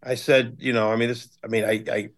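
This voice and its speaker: Man, 50s, from cleveland, podcast guest, blunt, swears constantly, mid-pitched voice. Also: level tone, a little fast. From Cleveland, USA. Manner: blunt and heavily profane storytelling. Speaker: guest, hardcore band member. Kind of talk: casual podcast chat.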